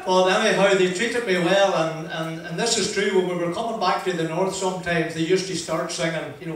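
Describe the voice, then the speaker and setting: An older man with a broad Northern Irish accent tells a funny story to a crowd, his voice sitting a little high for a man. He sounds a long way from the mic, and his words ring around a big echoey hall over faint noise. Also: a little fast, few pauses, far from the mic. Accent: Northern Irish, Ballymoney. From Northern Ireland. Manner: broad, lively anecdotal delivery, acting out dialogue. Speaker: motivational speaker. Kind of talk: humorous storytelling speech. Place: event venue with audience.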